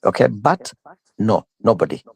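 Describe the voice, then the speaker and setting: A man's voice: lowish voice, very animated, moderate pace, creaky, a little mellow, slightly rough. Emphatic man with a swinging voice. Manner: emphatic, repeats phrases, voice rises and falls widely. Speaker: guest speaker called Doctor. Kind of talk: casual live-stream discussion.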